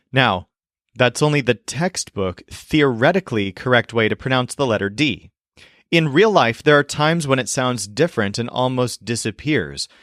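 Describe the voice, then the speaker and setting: A man teaching in a language lesson video, explaining clearly and modeling sounds slowly. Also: mid-range voice, fairly bright tone, no room sound, studio quality. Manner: clear, demonstrative, slows to model pronunciation.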